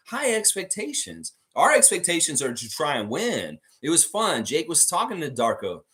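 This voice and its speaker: A man's voice: fairly high pitch, wildly swooping pitch, normal speed, hardly any pauses, bright, forceful tone, a little hiss or hum. Heated Canadian man ranting on a stream. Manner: heated, ranting, mocking voices. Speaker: sports channel host. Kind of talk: live-stream sports rant.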